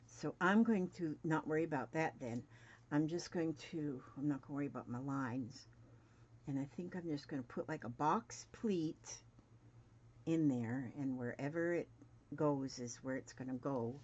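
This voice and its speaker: A woman's voice: low-pitched, moderate pace, a little mellow. A woman in her seventies chatting casually and muttering to herself while she sews at home. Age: 70s. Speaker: crafting vlogger. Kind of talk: casual sewing demonstration. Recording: dull lo-fi home recording, faint noise.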